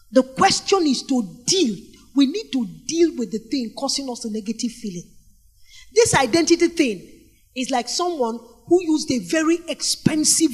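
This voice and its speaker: A middle-aged Nigerian woman preaching a sermon, telling stories with animated energy and calling out questions to the congregation. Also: high-pitched, husky. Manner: animated storytelling with call-and-response questions to the congregation.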